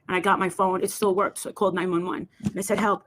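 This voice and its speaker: On her livestream, a fast-talking woman with a medium-pitched, level voice rambles casually through a long story. She performs the voices of the people she describes.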